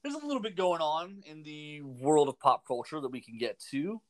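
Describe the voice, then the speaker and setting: A man's voice: fairly high pitch, moderate pace. A man hosting a radio show, joking around in a casual, playful way. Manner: jokey, playful, lively delivery.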